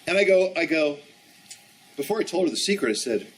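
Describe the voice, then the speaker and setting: Man, 50s, high voice, animated storyteller at a training session, slightly distant mic, faint hiss. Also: a little fast. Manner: animated storyteller, acts out dialogue. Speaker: ski instructor trainer. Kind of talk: storytelling presentation.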